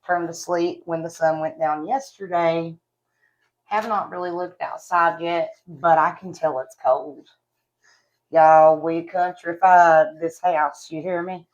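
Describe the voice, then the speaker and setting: This woman's deep voice comes through a recording with the highs cut off. Chatting casually to camera at home in West Virginia, she reviews products in an Appalachian Southern accent, folksy and talkative, addressing viewers as y'all.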